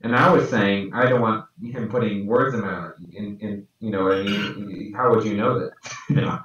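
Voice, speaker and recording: A man's voice: steady tone, moderate pace, fairly bright tone. A man co-hosting a podcast, chatting casually and muttering to himself as he works on a drawing. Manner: mutters to himself while working, low-key. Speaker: podcast co-host. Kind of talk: casual chat while drawing. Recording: echoey room, distant and dull mic.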